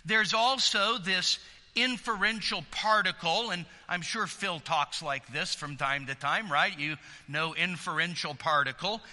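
A man's voice: high-pitched, unhurried, sharp tone, big-room sound. A man preaching a sermon in an earnest, emphatic way, often repeating words as he builds a point.

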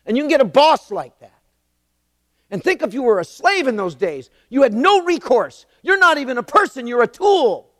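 A man's voice: extremely high pitch, normal speed, no echo, clean studio sound, in a large hall. A man in his sixties preaching a sermon, telling stories with emphatic repetition. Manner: animated storytelling, emphatic repetition. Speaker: pastor.

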